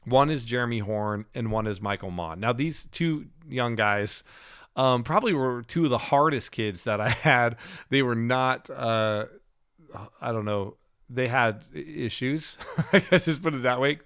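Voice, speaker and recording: Man, middle-aged, podcast co-host, casual storytelling, ordinary mid pitch, laughs often, stammering restarts. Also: unhurried, a bit bright, clean tone.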